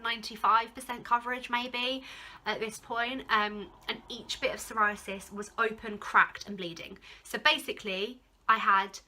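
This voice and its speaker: A woman's voice: a little high, steady tone, moderate pace, bright, forceful tone, slight background noise. A young woman, talking casually to camera as a vlogger, rambling with many fillers as she recounts a personal ordeal. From England. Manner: rambling, heavy use of "like", emotional at moments. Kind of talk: casual storytime vlog.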